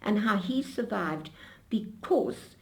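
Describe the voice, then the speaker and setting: An older woman being interviewed, telling her memories in an animated storytelling way with frequent restarts. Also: medium pitch, slow pace.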